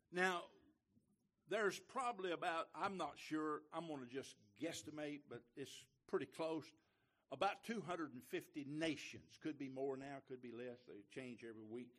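A man preaching a sermon as a visiting preacher in a church, folksy and joking, swinging from quiet asides to loud, emphatic lines. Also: a little high. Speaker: guest preacher. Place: church sanctuary.

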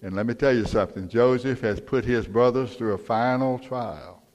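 A man's voice: mid-range voice, moderate pace, a little mellow. An older male pastor preaching a sermon in a folksy, storytelling manner. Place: church sanctuary. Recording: long church reverb.

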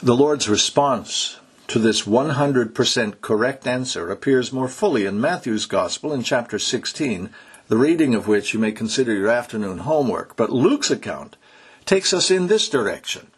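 Male pastor, sermon delivery, emphatic and exhorting, animated pitch, slightly husky. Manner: emphatic, exhorting, slows to stress key words.

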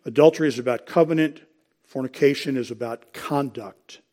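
In his sermon, a man works through scripture and cites verses, clears his throat from time to time, and refers to the congregation as folks. His medium-pitched voice is mellow and moves at normal speed.

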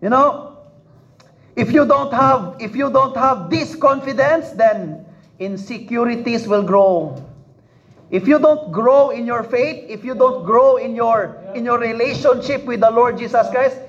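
A man preaches in a high, unhurried voice. He repeats his phrases for emphasis and puts questions to his listeners. The recording sounds dull and lo-fi. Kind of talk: sermon.

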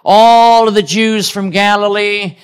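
A man's voice: high-pitched, steady tone, takes it slowly, smooth. A man preaching a sermon, praying and telling stories in an earnest way. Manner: earnest, storytelling with chuckles.

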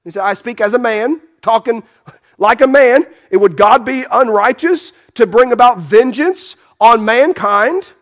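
A man with a high voice preaching a sermon. He talks emphatically, fires off rhetorical questions and often restarts his phrases. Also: measured pace, a bit bright. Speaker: pastor.

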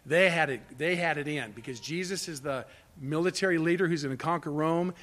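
Guy preaching a sermon, high pitched and bright, gets really passionate. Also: fairly quick. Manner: impassioned, rising to near shouts on quoted cries. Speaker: pastor.

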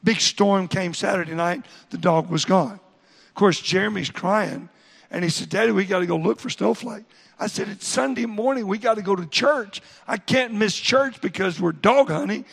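A man's voice: high-pitched, moderate pace, gravelly, fairly bright tone, husky. A man preaching a midweek sermon in a folksy storytelling way, repeating himself as he goes. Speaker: pastor. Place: church sanctuary. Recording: church hall reverb.

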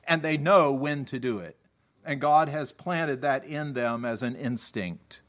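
A man preaching a sermon, reading scripture aloud with deliberate emphasis and reasoning with his listeners. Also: mid-range voice, a bit bright.

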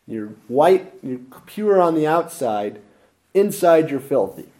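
A man's voice: a little high, very animated, slow pace, dark tone. A man voicing a fiery male apostle who sternly denounces a foe in a sermon. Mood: denouncing. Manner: stern, accusing.

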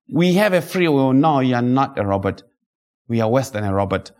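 A man preaching an expository sermon, emphatic and rhetorical, reading scripture slowly and dramatically, with sudden high-pitched outbursts. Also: a little mellow.

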